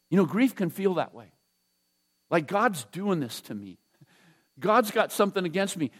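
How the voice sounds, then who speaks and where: A man, preaching as a pastor in a church, casual and halting, often dropping to a soft hush. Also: high voice. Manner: conversational, halting with restarts and fillers; drops to a soft hush when emotional. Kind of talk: sermon.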